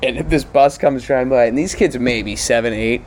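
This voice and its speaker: A man's voice: medium pitch, brisk, slight background noise. A young man in casual conversation who laughs often and tells crude, joking stories. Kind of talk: casual podcast chat.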